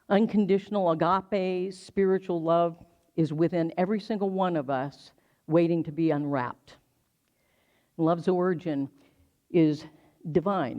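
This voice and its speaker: An older minister from the United States gives a slow, reflective sermon in a middle-pitched voice. They weave personal memory into the message and lean on repetition for emphasis. The stream audio is slightly dull and lo-fi. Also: a little mellow. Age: 60s.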